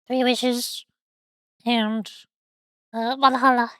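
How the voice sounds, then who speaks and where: High-voiced giggly young woman streamer. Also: level tone, drawn-out words, bright, forceful tone, dry recording, studio quality. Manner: rambling, giggly, stammers on words. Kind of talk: casual stream chat.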